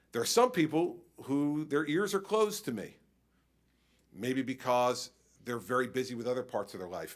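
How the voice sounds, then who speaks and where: A man serving as governor who answers a conference question by telling stories and acting out his exchanges with people. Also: mid-range voice. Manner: animated storytelling, acts out exchanges. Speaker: state governor.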